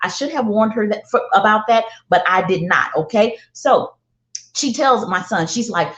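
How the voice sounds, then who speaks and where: A woman's voice: mid-range voice, expressive, moderate pace. A woman telling a parenting story to an audience in a candid, profane way, repeating lines for emphasis. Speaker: parenting speaker. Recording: echoey, dull lo-fi sound.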